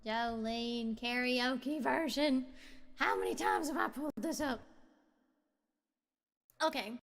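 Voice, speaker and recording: A hoarse woman chatting casually on a livestream, self-mocking and sighing between remarks. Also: a little high, steady tone, takes it slowly, big-room sound. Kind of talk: casual stream chat.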